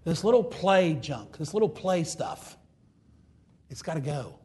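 A man's voice: on the high side, very animated, measured pace. A man preaching a fervent, repetitive sermon and reading scripture aloud. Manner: fervent, repetitive, builds to loud emphatic preaching; reads scripture in old-fashioned wording.

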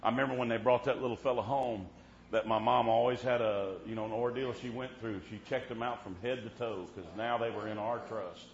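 A man's voice: mid-range voice, steady tone, fairly quick, gravelly, a little hiss or hum. A man preaching a folksy storytelling sermon at a revival meeting in a church, dropping in "Amen" often. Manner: folksy, punctuates with "Amen", preaches with rising fervor. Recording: roomy, dull church recording.

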